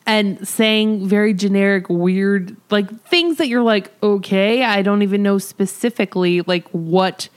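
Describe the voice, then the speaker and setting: A woman's voice: mid-range voice, a little slow, hardly any pauses. A woman co-hosting a casual recap podcast, talking animatedly and acting out characters' lines. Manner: animated, acts out characters' lines in quoted voices. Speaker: podcast co-host recapping a TV series. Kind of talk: casual chat.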